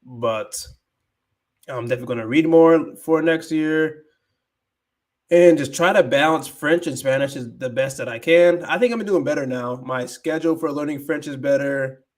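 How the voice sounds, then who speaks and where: A man's voice: fairly high pitch, moderate pace. Rambling man chatting on a livestream. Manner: rambling, thinking aloud, mixing Spanish phrases. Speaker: livestream host, language learner. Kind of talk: casual livestream chat.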